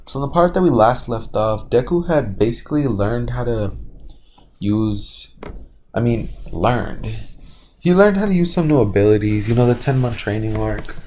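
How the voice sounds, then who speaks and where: A man's voice: medium pitch, lively intonation, normal speed, warm tone, a little hiss or hum. A young man telling a fan-fiction story off the cuff on his small channel, rambling with lots of fillers and self-corrections. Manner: rambling, filler-heavy, loose and offhand. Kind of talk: casual improvised fan-fiction narration.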